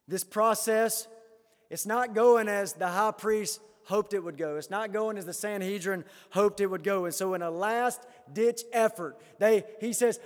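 A man preaching a sermon as a pastor, swinging between loud emphatic rises and quiet hushed lines. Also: high voice, in a large hall.

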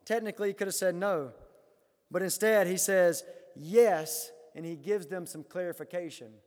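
A man preaching a sermon as a pastor, swinging between loud emphatic rises and quiet hushed lines. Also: high voice, moderate pace, big-room sound.

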